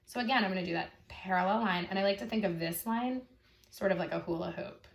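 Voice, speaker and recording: A woman's voice: medium pitch, fast talker. A young adult woman art teacher giving a chatty, encouraging online drawing lesson for kids, easily sidetracked as she draws.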